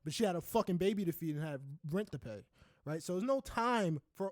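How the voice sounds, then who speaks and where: Fired-up high-voiced man ranting. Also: animated, brisk, no room sound, clean studio sound. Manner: heated, profane ranting with many restarts. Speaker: podcast co-host. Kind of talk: casual podcast chat.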